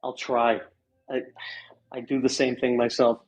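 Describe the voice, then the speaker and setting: A man, chatting casually and joking as a guest on a live stream, often halting and restarting. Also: medium pitch, level tone, highs cut off, a little hiss or hum. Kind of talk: casual chat.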